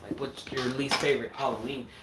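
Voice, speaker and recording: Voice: mid-range voice, fairly even intonation, a little fast, far from the mic. A horror filmmaker hosting a casual livestream chat. The host rambles and swears freely. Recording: roomy echo, mic set back, faint noise.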